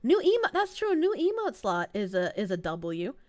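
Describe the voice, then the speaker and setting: Boston girl streamer, high voice, super dry close mic sound, swears a lot and laughs at chat. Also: moderate pace, no echo. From Boston, USA. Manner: animated, swearing, laughs often, reads chat aloud. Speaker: VTuber streamer. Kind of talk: casual live-stream chat reading.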